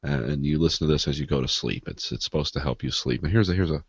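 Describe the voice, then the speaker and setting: A man co-hosting a podcast in casual banter, deadpan and self-mocking, laughing at his own jokes. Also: extremely low pitch, fast talker, slightly rough, no echo, highs cut off. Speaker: podcast co-host.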